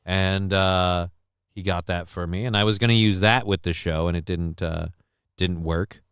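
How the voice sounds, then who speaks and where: A worn-out man hosts a casual live stream, drifting between viewer comments and the news. His voice sits a little low and comes across smooth. The sound is dry and close. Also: fairly even intonation, moderate pace, fairly bright tone, no room sound. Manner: rambling, chats with viewers, reads news aloud. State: fuzzy, wiped out. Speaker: show host.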